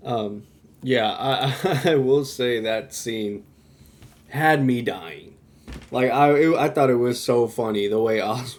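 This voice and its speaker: A young man co-hosting a podcast, retelling scenes in an animated way and laughing often. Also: mid-range voice, slow pace. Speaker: podcast co-host. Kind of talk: casual chat.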